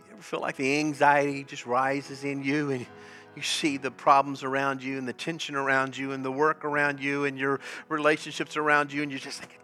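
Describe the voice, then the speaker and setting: A male pastor preaching a sermon with animated storytelling and frequent laughs. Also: mid-range voice, a little fast, faint music behind. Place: church service.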